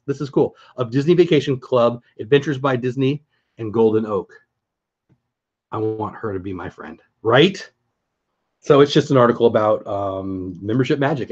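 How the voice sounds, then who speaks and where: A man of middle pitch chats eagerly through a casual livestream, stopping often to greet viewers by name. The sound is a little dull and lo-fi. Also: darkish tone, slightly rough. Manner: chatty, enthusiastic, greets chat viewers by name. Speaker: vlogger hosting a livestream.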